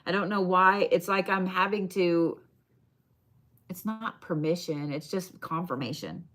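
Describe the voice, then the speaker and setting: In her shop, a woman does bone readings on a live stream, chatting casually with her viewers, addressing them directly and swearing now and then. Her voice is lowish and a bit bright, and she speaks a little slowly.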